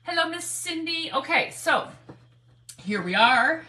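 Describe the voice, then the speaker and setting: A woman's voice: sits high, lively intonation, a little slow, pushed and bright, slight background noise. A woman, hosting a live craft stream, chatty and laughing, greeting viewers by name. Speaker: craft livestream host.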